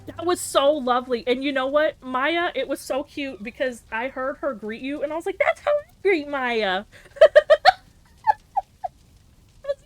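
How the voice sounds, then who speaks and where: A woman live-streaming a game, chatting casually and playfully with her viewers and reacting out loud to the action. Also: sits high, unhurried, pauses often. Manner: chatty and playful, breaks into yelps and laughter. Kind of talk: casual live-stream chat while gaming.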